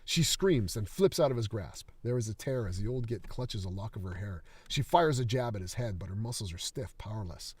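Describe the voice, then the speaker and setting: A man reading his screenplay aloud in a steady, dramatic manner. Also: on the low side, fairly quick, few pauses, slightly rough, no echo.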